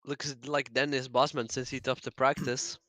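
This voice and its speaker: A man's voice: mid-range voice, level tone, moderate pace, bright, forceful tone, dry recording. A man co-commentating a sim racing event, giving brief, matter-of-fact remarks.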